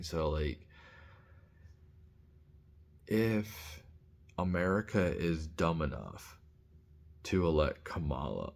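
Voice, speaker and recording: A man's voice: low-pitched, gravelly. A man giving a casual opinion monologue, blunt and rambling, full of restarts and filler words. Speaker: commentator.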